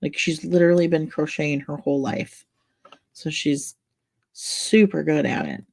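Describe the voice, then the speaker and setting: A woman's voice: low-pitched, fairly even intonation, moderate pace, gravelly, darkish tone. A woman hosting a casual craft livestream, chatting in a rambling way and laughing often. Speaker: livestream host.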